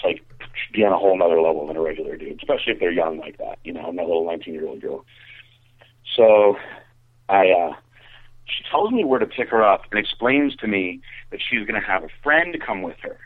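A man's voice: deep voice, fairly quick, long pauses, no echo. A man telling a casual, profane anecdote, rambling with fillers. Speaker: storyteller. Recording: tinny phone-like audio.

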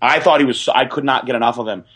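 A young man telling a story on a podcast in a rambling, excited way, full of fillers and restarts. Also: medium pitch, rapid-fire, slightly rough. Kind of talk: casual storytelling.

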